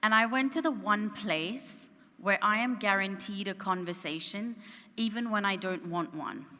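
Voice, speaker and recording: A woman delivers a keynote from a conference stage, telling her story in an animated way and asking the audience questions. Her voice is bright and forward. The sound rings with a long reverb from the hall. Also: mid-range voice. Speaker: keynote speaker.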